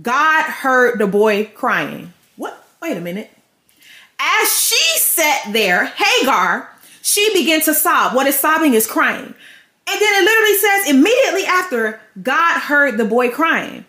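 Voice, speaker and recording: A woman's voice: high-pitched, very animated, unhurried, sharp tone. A woman podcast host preaching a devotional message with fervent energy, speaking directly to her listeners. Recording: echoey room.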